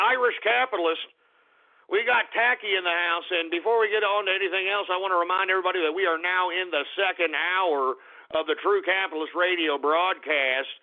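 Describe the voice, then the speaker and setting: A man hosts a live internet talk radio show, rattling off listener names and breaking into abrasive, profane rants. His voice sits high and gravelly. It comes through thin and phone-like. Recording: tinny phone-line sound.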